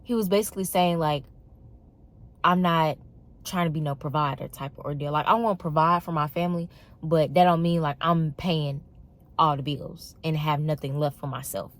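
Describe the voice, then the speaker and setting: A woman's voice: deep voice, a little fast. A young woman, talking casually and emphatically to the camera, with an exasperated storytelling manner. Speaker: vlogger.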